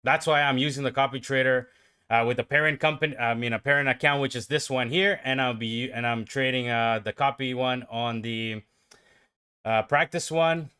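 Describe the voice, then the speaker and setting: A man giving live trading commentary on his own stream, talking to himself and his viewers and swinging from calm explaining to excited outbursts. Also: medium pitch, moderate pace, clean tone. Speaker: livestream day trader.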